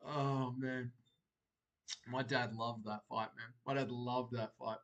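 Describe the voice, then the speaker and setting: Bright-voiced male streamer chatting casually. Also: mid-range voice, slow, muffled recording. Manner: relaxed, chatty, reads viewer comments aloud and answers them. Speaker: livestream host. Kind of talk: casual chat reacting to live chat.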